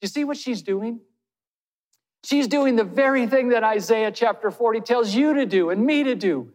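A man's voice: very high-pitched, animated, moderate pace, a little mellow. A man preaching a sermon as pastor. He speaks earnestly and puts direct questions to his listeners. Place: church hall. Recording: long hall reverb.

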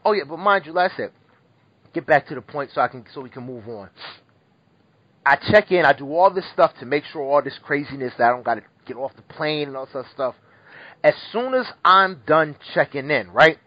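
A man telling a rambling, profane story in casual chat, animated and full of restarts. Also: on the high side, a little fast, no room sound. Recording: dull lo-fi recording.

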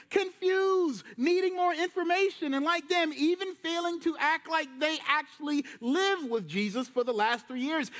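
Lively high-voiced pastor preaching. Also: male voice. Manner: lively storytelling, acting out Jesus and disciples in slang. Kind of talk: sermon. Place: church sanctuary.

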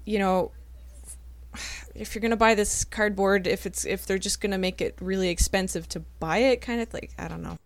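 A woman's voice: mid-range voice, fairly even intonation, normal speed, dry recording. A young woman co-hosting a casual podcast, thinking aloud hesitantly with casual swearing. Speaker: podcast co-host. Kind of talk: casual chat.

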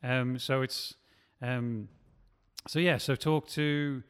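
A man's voice: mid-range voice, fairly even intonation, slow, clear, resonant tone, in a large hall. A man, a scriptwriter, talking casually and rambling with many restarts. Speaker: scriptwriter and podcast host. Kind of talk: casual chat.

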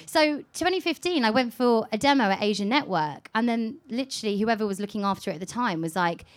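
English radio presenter lady, lively and frank, laughs a lot, live event. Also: on the high side, brisk. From England. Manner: candid, animated, laughs often. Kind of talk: live panel talk.

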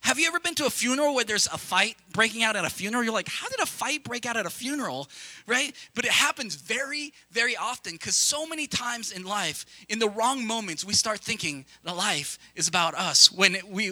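Here a young man delivers a sermon as pastor in a very high voice, with no echo in the recording. He addresses the congregation head-on, keeping it lively and conversational and tossing in quick asides.

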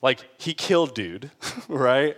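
A man's voice: mid-range voice, expressive, slow pace, long reverb tail. A man preaching a sermon in an earnest, conversational way, building to emphatic peaks. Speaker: pastor.

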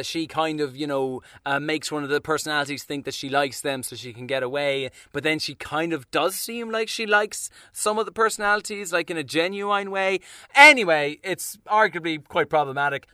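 Bright, sarcastic young man ranting about films. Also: fairly high pitch, dry recording, studio quality. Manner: sarcastic, profane, rambling. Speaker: film reviewer. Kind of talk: casual film review rant.

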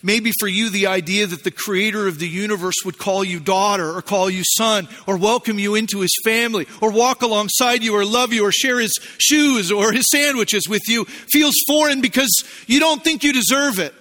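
A middle-aged man preaching a sermon in a church, telling a personal story with playful, animated asides. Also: high voice, normal speed, hardly any pauses, long reverb tail. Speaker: pastor.

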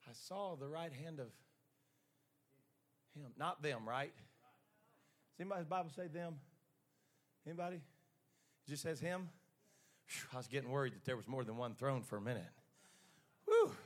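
A man's voice: mid-range voice, lively intonation, normal speed, pauses often. A man preaching a sermon who retells scripture dramatically and calls on the congregation to answer back.

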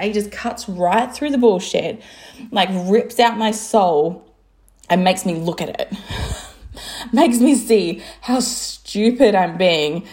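A woman's voice: medium pitch, takes it slowly, darkish tone. Casual, swearing woman. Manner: chatty, swears freely, lots of "like" and laughs. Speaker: business coach and designer. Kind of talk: casual monologue to camera.

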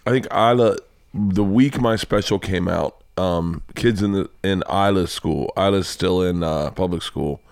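Male comedian host, loose and profane, lowish voice, dry studio mic. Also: unhurried, clean tone, no room sound. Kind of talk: casual podcast chat. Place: podcast studio.

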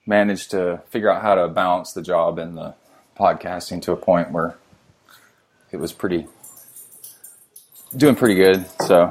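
A man's voice: low voice, normal speed, long pauses, darkish tone. A man, a podcast host, chatting casually and joking, wandering as he talks. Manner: joking, rambling, moves around while talking. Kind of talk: casual chat.

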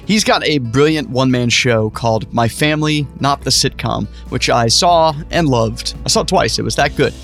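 Podcast host guy doing the intro, upbeat, quiet guitar behind. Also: medium pitch, moderate pace, few pauses. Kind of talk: scripted intro narration.

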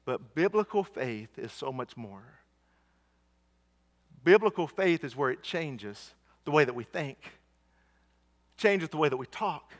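A man with a high voice preaches a sermon, earnest and insistent. He asks his listeners questions and repeats key lines for weight. His voice rings out with a long reverb. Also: sing-song, measured pace, pauses often. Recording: church hall reverb.

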